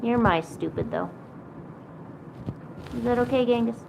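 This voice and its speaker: A woman with a slightly high voice, talking casually and playfully to her cats as she draws. Her chat is loose and teasing. A faint room noise hums behind her. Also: measured pace, creaky, highs cut off. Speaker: streamer. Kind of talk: casual chat while drawing.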